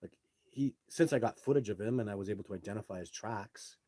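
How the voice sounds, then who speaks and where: A middle-aged man hosting a live show, telling his own stories casually and answering viewer questions in an animated way, with some swearing. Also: fairly low pitch, quick pace, no room sound.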